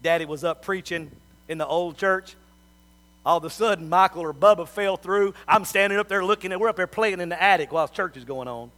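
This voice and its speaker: A middle-aged man delivers a sermon in a high, bright voice. He talks in a folksy, storytelling way, dropping to soft asides and rising to loud appeals to the congregation. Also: fairly quick. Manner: folksy storytelling with big swings in loudness. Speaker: preacher.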